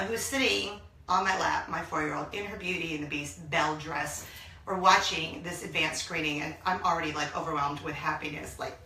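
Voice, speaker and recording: A woman in her thirties hosting a casual vlog from a small laundry room, talking excitedly and gushing to her viewers. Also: on the low side, slight background noise. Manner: gushing, excitable, bursts into song. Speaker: vlog host. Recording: echoey small room, mic at a distance.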